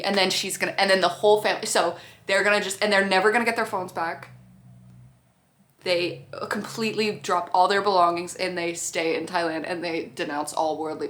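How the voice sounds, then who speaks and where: A woman's voice: on the low side, a bit bright, a little hiss or hum. Chatty, profane woman vlogger. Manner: profane, chatty, acts out characters' lines. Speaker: TV show reviewer. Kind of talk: casual on-camera vlog.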